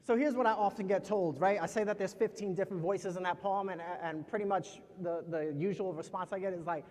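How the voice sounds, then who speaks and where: Male storyteller, high register, casual crowd-facing talk, long reverb from a college hall. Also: fairly even intonation, a little fast, few pauses, darkish tone. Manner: loose and conversational, addresses the crowd directly. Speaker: storyteller and poet. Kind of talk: casual talk to a live audience.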